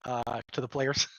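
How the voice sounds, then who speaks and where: A man's voice: mid-range voice, a bit bright, dry recording. A man talking as a guest game master in a casual livestream chat. He rambles with lots of fillers and chuckles, heard over a remote call mic. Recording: dull lo-fi call audio.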